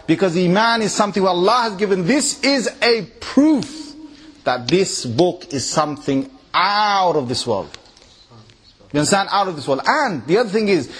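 A man preaching to a large gathering in a lively sermon, quizzing his listeners with rhetorical questions and swinging between loud emphatic bursts and low quiet asides. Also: breathy edge. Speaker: Islamic preacher addressing a gathering. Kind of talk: lively sermon with recitation examples.

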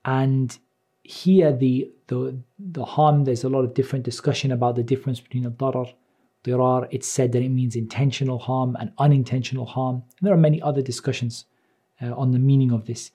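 Male Islamic teacher, husky warm tone, reads Arabic then explains in English, measured delivery. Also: medium pitch, steady tone. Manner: measured, repeats phrases while explaining. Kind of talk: religious lecture explaining a hadith.

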